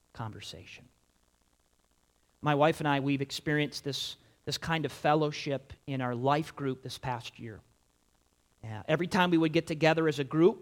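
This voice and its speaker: A middle-aged pastor preaching a sermon in an emphatic, conversational way, with lively quoted asides. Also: male voice, on the high side.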